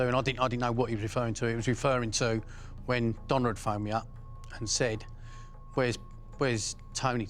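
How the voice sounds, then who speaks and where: A man's voice: mid-range voice, level tone, moderate pace, soft background music. A middle-aged man with an Essex accent, bluntly recounting crime stories, swearing and restarting often. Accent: Essex English. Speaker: interviewee.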